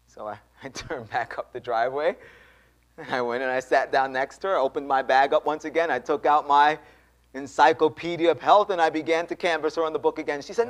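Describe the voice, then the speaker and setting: Animated male preacher telling a story. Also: a little high, moderate pace. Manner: animated, acts out dialogue, addresses congregation. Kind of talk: sermon storytelling. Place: church.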